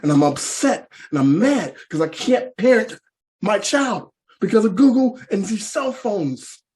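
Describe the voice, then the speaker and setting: A man performing stand-up, telling a repetitive, animated story about parenting from the stage. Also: sits high, measured pace. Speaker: stand-up comedian.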